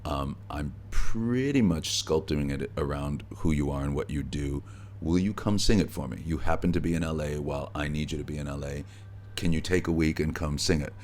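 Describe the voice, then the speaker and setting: A middle-aged actor, a guest in an interview, telling stories in a relaxed way with easy laughs, recorded backstage at a theatre. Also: male voice, extremely low pitch, brisk, few pauses. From United States. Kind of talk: conversational interview.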